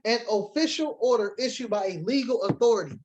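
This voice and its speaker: A man's voice: high-pitched, fairly quick, a little mellow, rough recording. A man teaching a sermon-style Bible lesson to a congregation, reading scripture aloud and defining words, switching between emphatic preaching and casual asides.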